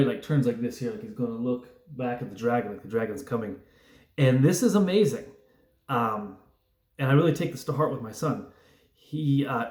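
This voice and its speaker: A man's voice: mid-range voice, darkish tone, echoey room. A man talking casually to camera, telling a story in a rambling, reflective way right after a workout. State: just worked out, sweaty. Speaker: vlogger.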